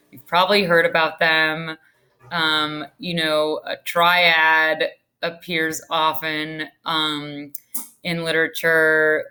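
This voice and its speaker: A woman's voice: fairly low pitch, pushed and bright. A woman teacher giving a casual lesson from home, chatty and full of ums and restarts. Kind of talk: casual online literature lesson.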